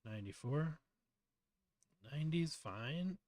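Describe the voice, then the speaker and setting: A man's voice: fairly high pitch, expressive, takes it slowly, darkish tone, no echo. A man hosting a casual live tutorial, muttering to himself as he works and chatting through explanations with fillers. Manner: muttering to himself while working, trailing off. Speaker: host.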